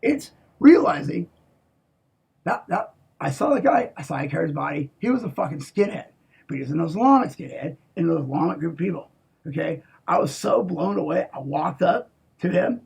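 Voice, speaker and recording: Very raspy man, gravelly and profane. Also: on the high side, lively intonation, normal speed. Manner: profane, emphatic, swings from hushed to shouting. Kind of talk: rambling monologue.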